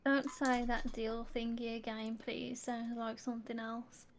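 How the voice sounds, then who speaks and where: Bright-voiced West Midlands woman, playful. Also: a little high, little pitch movement, unhurried, slight background noise. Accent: West Midlands English. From West Midlands, England. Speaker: co-host of a live stream. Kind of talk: casual chat.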